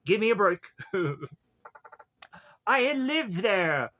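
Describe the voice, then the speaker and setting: High-voiced Southern man, slow and rambling. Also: very animated, pushed and bright. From Georgia, US. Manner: rambling, jokey asides and silly voices. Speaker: movie reviewer. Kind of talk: casual movie review monologue.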